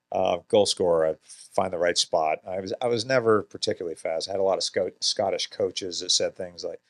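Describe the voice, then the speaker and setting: Brief: very low male voice, relaxed guest, chuckles through his stories. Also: normal speed. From Georgia, USA. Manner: laughs often while telling anecdotes. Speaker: actor and podcast guest. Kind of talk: casual interview storytelling. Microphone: podcast studio microphone.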